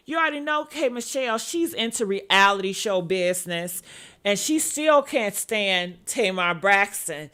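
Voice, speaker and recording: A woman hosting a live-stream celebrity gossip vlog, sassy and animated, calling her viewers honey. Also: a little high, measured pace, clean tone. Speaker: gossip vlogger. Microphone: earpiece.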